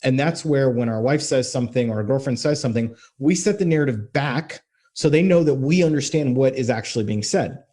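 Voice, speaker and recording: A man's voice: medium pitch, brisk, warm tone. A man giving direct, profane relationship coaching as he walks through a text exchange. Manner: direct, profane, reads quoted texts aloud.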